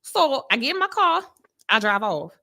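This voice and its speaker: A woman with a bright, lively voice tells a story in a casual chat. She is blunt and animated, and laughs often. Her voice sits a little high and swings widely as she talks. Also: moderate pace, gravelly. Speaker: podcast co-host.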